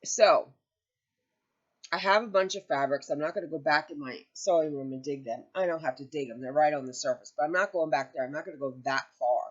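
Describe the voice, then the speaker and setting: A woman's voice: low voice, fairly quick, slightly rough, muffled recording. A woman hosting a crochet channel, chatting casually from home, rambling and correcting herself, near tears at times. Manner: rambling, self-correcting storyteller. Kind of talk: casual chat to camera.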